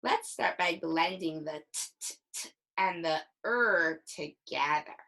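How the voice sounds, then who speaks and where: A young woman teaching a recorded reading lesson to young children, slowly sounding out the starts of words. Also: on the low side, low-quality recording. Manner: slow, animated, sounds out words.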